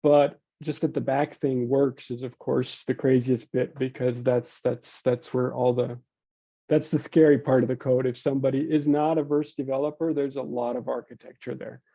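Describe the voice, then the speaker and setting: Man with a gravelly, dark voice. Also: medium pitch, flat delivery, normal speed, dry recording, highs cut off. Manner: explanatory, thinks aloud with repeated restarts. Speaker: software project developer. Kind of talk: casual technical explanation on a video call.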